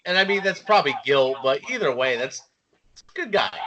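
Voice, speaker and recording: A man's voice: fairly high pitch, expressive, a little fast, muffled recording, crowd noise. A young man co-hosting a casual podcast chat, dropping dry, sarcastic asides. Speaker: podcast co-host.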